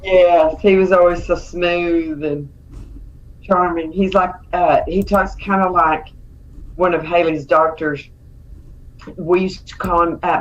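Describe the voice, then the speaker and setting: A woman chatting casually as a co-host, telling stories in an animated way. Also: lowish voice. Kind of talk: casual chat. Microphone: video call. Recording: dull lo-fi stream audio with faint noise.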